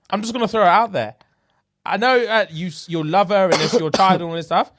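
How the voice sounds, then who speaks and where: A man's voice: high-pitched, fast talker, a bit bright. A man co-hosting a casual podcast chat, teasing and bantering playfully. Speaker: podcast co-host.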